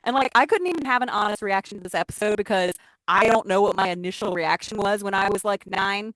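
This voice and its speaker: A woman's voice: mid-range voice, quick pace, a bit bright, dry recording, rough recording. A woman co-hosting a podcast, chatting casually and animatedly retelling scenes, acting out the characters' lines with lots of laughter. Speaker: podcast co-host. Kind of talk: casual recap chat.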